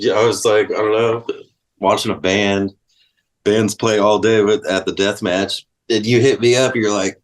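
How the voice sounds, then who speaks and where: A man telling stories in a relaxed, casual way, swearing freely and saying "like" a lot. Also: on the low side, normal speed. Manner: laid-back, swears freely, lots of likes. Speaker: guest. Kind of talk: casual storytelling.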